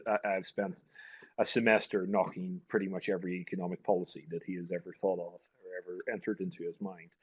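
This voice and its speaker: Male teacher, online lesson, low voice, dry dull call audio, thinks aloud. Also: dry recording. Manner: conversational, thinking aloud with frequent restarts. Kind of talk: online class lecture. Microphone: computer mic on a video call.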